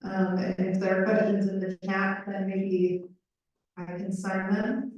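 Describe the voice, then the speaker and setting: A woman's voice: mid-range voice, flat delivery, measured pace, darkish tone, lo-fi sound. Woman interpreter, echoey and distant. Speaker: sign language voice interpreter. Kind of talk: live panel interpreting. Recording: echoey room, far from mic.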